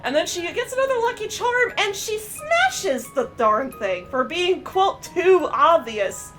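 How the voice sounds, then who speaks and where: A high-pitched woman talks through a cartoon episode in a loose, chatty recap. She stays animated and fills her sentences with "uh" and "you know". Faint music plays softly behind her voice. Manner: chatty, animated, with many fillers and quick quoted voices. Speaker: streamer reviewing a cartoon episode. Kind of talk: casual reaction and recap.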